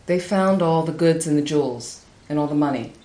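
A woman giving a Buddhist talk, telling a teaching story with lively, high-pitched acted quotes. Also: normal speed. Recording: echoey room with faint ambience.

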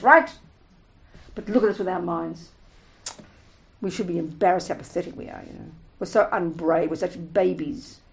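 A woman giving a spiritual talk to a group, emphatic and animated, acting out little everyday scenes as she explains. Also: mid-range voice, low-quality recording. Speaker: Buddhist teacher.

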